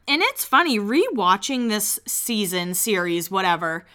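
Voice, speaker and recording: A woman's voice: mid-range voice, sing-song, measured pace, few pauses, sharp tone. A woman casually recapping a reality show, chatty and candid, swearing freely and acting out quotes.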